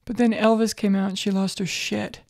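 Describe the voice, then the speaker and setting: A woman's voice: medium pitch, flat delivery, brisk, gravelly, darkish tone. A middle-aged woman co-hosting a comedy podcast, talking casually, bluntly and jokily, with plenty of swearing. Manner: blunt, swears freely, jokey. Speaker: podcast co-host.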